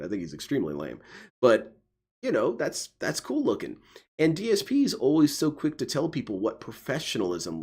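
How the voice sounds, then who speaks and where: A man's voice: medium pitch, slightly rough. A man hosting a restream, making sarcastic, mocking remarks. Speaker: restream host. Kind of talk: sarcastic stream commentary.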